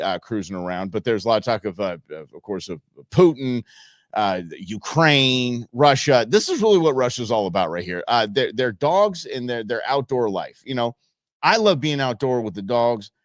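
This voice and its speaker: A man's voice: medium pitch, lively intonation, normal speed, no echo. A man from the United States hosting a show, chatting casually over viral videos with a rambling, chuckling manner and many fillers. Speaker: show host.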